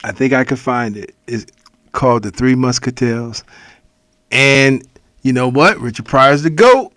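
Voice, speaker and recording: A comedian from the Cleveland area holds the floor on a casual podcast, rambling through stories and dropping into goofy voices. His voice sits at an ordinary middle pitch. The sound is dry and close, with no room echo. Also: measured pace, a bit bright. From Cleveland area, Ohio. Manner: loose storytelling, breaking into laughter and silly voices.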